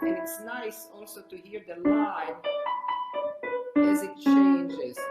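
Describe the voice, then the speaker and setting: An older woman teaching piano technique, explaining as she plays and often restarting her sentences. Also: medium pitch. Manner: explains while playing, halting restarts. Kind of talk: piano lesson demonstration. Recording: echoey room with loud piano. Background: piano playing.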